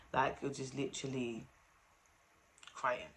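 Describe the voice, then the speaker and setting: A woman's voice: rumbling low, moderate pace, pauses often, sharp tone, slight background noise. Weary, rambling woman vlog host. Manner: rambling, candid, self-deprecating. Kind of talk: casual confessional chat.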